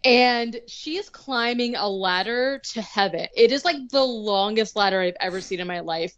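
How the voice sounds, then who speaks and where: A woman's voice: mid-range voice, moderate pace, no room sound, dull audio. A young woman casually recapping a movie on a podcast, sarcastic and rambling, full of "like" and the odd swear word.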